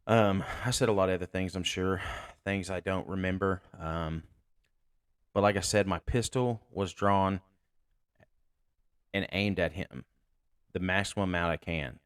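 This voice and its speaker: A sheriff's deputy hosting a podcast, telling a tense story in a blunt, candid, profane way. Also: male voice, sits low, fairly even intonation, moderate pace, smooth, no room sound, studio quality. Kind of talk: casual storytelling.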